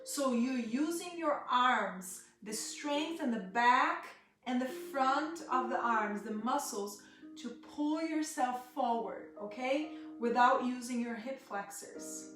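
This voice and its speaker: Slow, soft-spoken yoga teacher woman. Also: a little high, animated. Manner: soft, slow cueing with chatty asides to viewers. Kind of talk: live-streamed gentle yoga class. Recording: echoey room, voice from a distance, guitar music behind.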